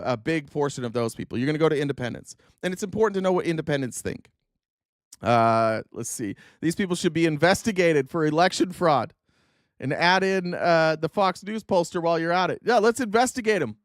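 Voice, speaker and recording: A man's voice: on the high side, no room sound, studio quality. A man hosting a political commentary stream, ranting in a mocking, profane, heated way.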